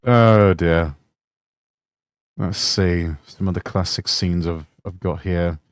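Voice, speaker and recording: Relaxed male streamer, unhurried. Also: sits low, soft background music. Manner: relaxed, musing, chuckling asides. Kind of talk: casual reaction commentary.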